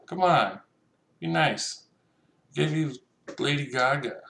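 A bright, forceful young man doing loose gameplay commentary. He jokes and swears freely and calls out to the other players as he plays. He talks slowly, with unhurried pauses. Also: medium pitch, lively intonation, gravelly, roomy sound.

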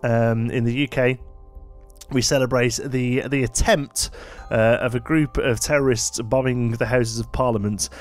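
A man's voice: mid-range voice, fairly even intonation, a little slow, faint music behind. A tired man rambling through casual gameplay commentary late at night, with plenty of fillers and asides. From United Kingdom. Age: adult, married. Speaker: let's play host.

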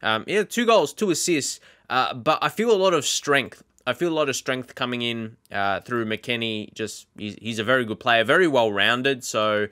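Bright-voiced man commentating his own game. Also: mid-range voice, moderate pace, few pauses. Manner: chatty, filler-heavy, excitable at goals. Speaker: gaming YouTuber. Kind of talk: casual Let's Play commentary.

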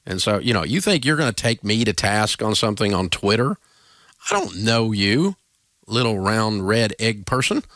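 A Southern-accented man runs his radio show in a blunt, joking way, his pitch swinging widely from phrase to phrase. The sound is close and dry, with no room around it. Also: big pitch swings, normal speed, a bit bright, no room sound. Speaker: radio talk show host. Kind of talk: casual talk radio banter.

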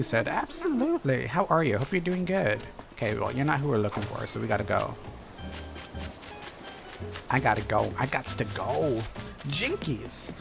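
A man's voice: medium pitch, creaky. A man giving playful, chatty commentary while streaming a game, talking back to the characters on screen. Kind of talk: casual gameplay commentary. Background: game music.

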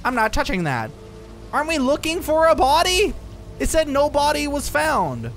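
A man's voice: extremely high pitch, huge pitch swings, moderate pace, fairly bright tone, soft background music. A young man playing a horror game and commenting on it, jumpy and exclaiming, with bursts of nervous laughter. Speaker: gaming YouTuber. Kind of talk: horror let's play commentary.

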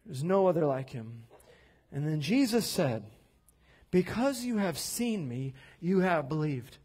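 A man preaching a sermon as pastor in a church, animated, acting out quoted voices and rising to loud declarations. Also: high voice. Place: church sanctuary.

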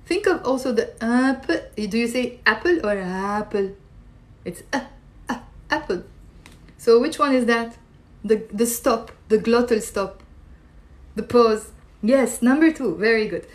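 A woman's voice: on the high side, unhurried, darkish tone. A woman teaching an Arabic pronunciation lesson on a live stream, chatting and quizzing viewers as she reads their comments.

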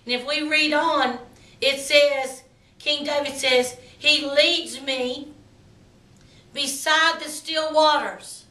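A woman minister delivering a sermon in a slow, emphatic preaching cadence. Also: high voice, fairly even intonation, sharp tone, echoey room, recorded from a distance.

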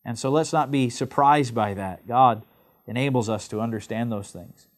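A man from England preaching a sermon to other pastors, with emphatic stresses and slow, drawn-out phrases. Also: mid-range voice.

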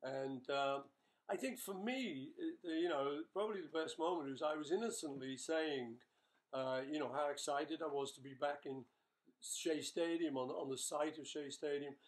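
A man's voice: a little high, moderate pace. Chatty older Englishman, upbeat fillers. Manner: chatty, jokey, rambling with fillers. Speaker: rock musician answering fan questions. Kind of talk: casual webchat with bandmates.

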